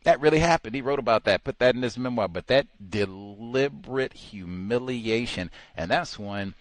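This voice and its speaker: Animated male caller with lively pitch. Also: moderate pace, dry recording. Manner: acts out other people's voices and laughs while telling. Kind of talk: animated call-in storytelling.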